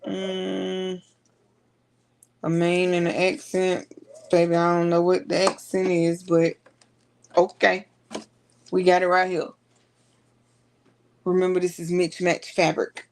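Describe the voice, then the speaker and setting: A woman's voice: on the low side, completely flat delivery, slow pace, long pauses, darkish tone. A woman, chatting casually to her viewers as she works through a sewing tutorial. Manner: chatty, talks to viewers while working. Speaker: sewing vlogger.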